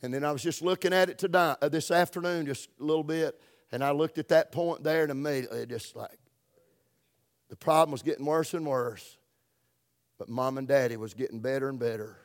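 Folksy and emphatic, a middle-aged pastor with a Southern US accent and a fairly high voice stretches his words as he preaches. Sudden shifts take him from booming emphasis to near-whispers.

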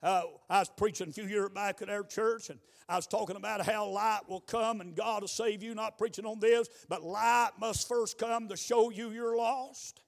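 A man preaching a revival sermon in a church, moving between quiet storytelling and shouted exhortation. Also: sits high, steady tone, moderate pace, gravelly, hardly any pauses. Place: church building.

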